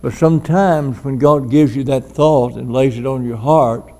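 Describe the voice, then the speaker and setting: A man's voice: medium pitch, measured pace, a little mellow. A man preaching an informal sermon, folksy and rambling. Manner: folksy, rambling, frequent "and things".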